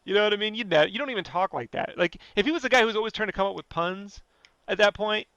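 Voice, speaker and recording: High, bright-voiced ranting man. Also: fast talker, clear, resonant tone, no room sound, lo-fi sound. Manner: animated, profane, ranting. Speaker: podcast guest. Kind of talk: casual podcast rant.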